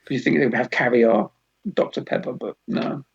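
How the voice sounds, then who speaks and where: Gravelly lively podcast host man. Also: medium pitch, fairly quick. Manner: animated storyteller, jumps in, acts out quotes. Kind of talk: casual podcast chat. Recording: dull lo-fi podcast audio.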